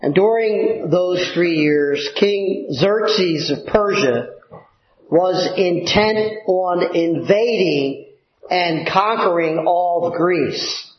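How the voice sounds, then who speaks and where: A man delivers a sermon in a fairly high voice, taking his time with long pauses and filler words. His words ring through an echoey room, and the recording sounds dull and lo-fi. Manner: slow, deliberate teaching with pauses and fillers. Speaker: pastor.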